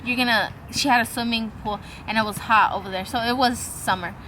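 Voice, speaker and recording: This is a young woman vlogging, with a bright, slightly high voice. She tells a long personal story in a rambling, offhand way. She swears freely and acts out what others said. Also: fairly even intonation, a little fast, a little hiss or hum, low-quality recording. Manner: acts out quoted dialogue. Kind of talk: casual storytelling.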